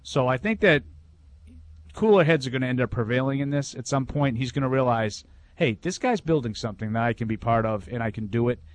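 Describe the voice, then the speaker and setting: Boston guy on sports radio, mid-pitched, chatty, lots of i think and restarts. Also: animated, brisk, no room sound. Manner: opinionated, thinks aloud with restarts. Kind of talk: casual sports talk.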